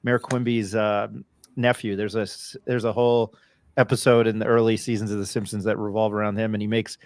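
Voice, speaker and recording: A man's voice: lowish voice, little pitch movement, fairly quick, no echo. A man hosting a casual sports podcast, chatty and self-deprecating, with rambling asides. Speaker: podcast host.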